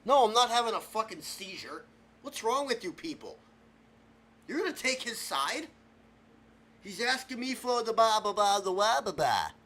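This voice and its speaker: A man's voice: high voice, big pitch swings, fairly bright tone, full character voice. A man voicing a touchy adult male guest with a speech impediment who mixes up his words, in a comedic character sketch. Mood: indignant. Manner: garbled, mixed-up words, touchy and quick to take offense.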